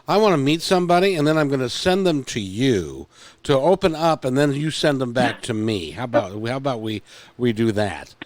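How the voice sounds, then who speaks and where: A man's voice: mid-range voice, lively intonation, moderate pace, no echo. A man hosting an interview in a casual, joking way, rambling with plenty of ums and restarts. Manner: joking, rambling with many fillers. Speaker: host.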